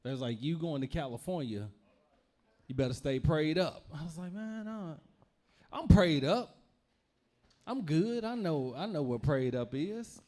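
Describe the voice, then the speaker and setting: A young man from Louisville, Kentucky, rambles through a stand-up set, circling back and repeating his phrases. His voice sits somewhat high and swings widely in pitch as he tells it. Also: animated, measured pace, pauses often, dark tone. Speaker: stand-up comedian.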